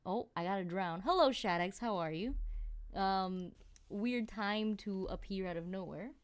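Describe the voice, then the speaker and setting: A woman streamer chatting casually with her viewers, telling stories in an animated, exclamatory way. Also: mid-range voice, measured pace, clear, resonant tone.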